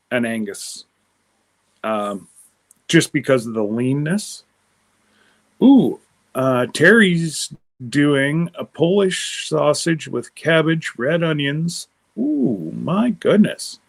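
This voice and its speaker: Canadian-raised guy rambling on a livestream, slow easygoing talk, answers chat as he goes. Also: mid-range voice. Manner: rambling, answers live chat comments aloud. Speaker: livestream host. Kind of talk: casual rambling chat with viewers.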